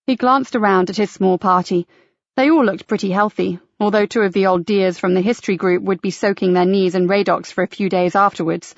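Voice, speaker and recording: A woman reading a crime novel aloud in a steady, measured audiobook narration. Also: mid-range voice, dry recording. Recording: dry, slightly dull audiobook recording.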